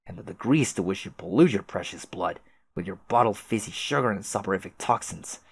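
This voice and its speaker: A man voicing a haughty, prim young male troll aristocrat who speaks formally and quietly with contempt. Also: low voice, lively intonation, fairly quick, creaky, slightly rough, no echo, exaggerated voice.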